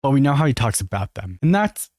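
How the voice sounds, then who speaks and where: A man's voice: medium pitch, sing-song, fast talker, darkish tone, no echo, clean studio sound. An American man giving earnest, opinionated reaction commentary, talking straight to his viewers. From United States. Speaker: commentary youtuber.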